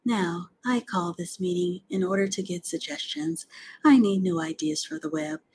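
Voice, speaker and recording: A woman voicing a calm, clever female spider in an audiobook, speaking in a measured, gently bossy way. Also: medium pitch, gravelly, husky. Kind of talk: audiobook character reading.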